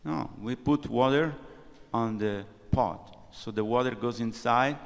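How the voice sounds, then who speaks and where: Male temple speaker, storytelling, acts out quotes, mid-pitched, reverberant hall. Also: measured pace, creaky. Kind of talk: scripture class with storytelling. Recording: long reverb of a large hall.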